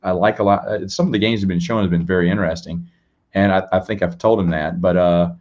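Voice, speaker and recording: Man host, low voice, chatty and rambling, dull lo-fi stream audio. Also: fairly even intonation, fast talker, a little mellow. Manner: rambling, repeats words and restarts; chats to viewers and reads out donations. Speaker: live-stream show host. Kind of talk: casual live-stream chat.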